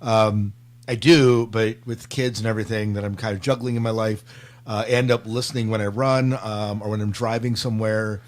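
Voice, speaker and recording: A man's voice: lowish voice, steady tone, moderate pace. Joking man hosting a podcast. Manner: joking, leads the talk. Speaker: podcast host. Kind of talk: casual book discussion.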